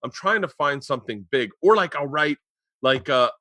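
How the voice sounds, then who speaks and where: A man in his forties hosts a casual podcast chat, rambling through stories and getting loud as they build. His voice is bright and forceful. The sound is close and dry. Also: medium pitch, lively intonation, normal speed, dry recording. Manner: rambling storyteller, gets loud and laughing in anecdotes. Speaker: podcast host. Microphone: remote podcast mic.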